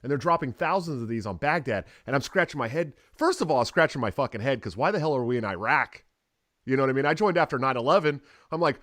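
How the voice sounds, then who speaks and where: A man's voice: medium pitch, animated, quick pace, fairly bright tone, no room sound. Dry, close man rambling casually. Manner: rambling, profane, laid-back storytelling. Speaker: podcast guest, veteran. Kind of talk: casual chat.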